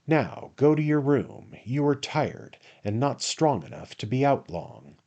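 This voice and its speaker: A man voicing a kind, earnest older gentleman who gives gentle instructions in a storybook reading. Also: mid-range voice, very animated, measured pace, vocal fry, muffled recording, pitched above the performer's own voice, exaggerated voice. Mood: kindly, earnest.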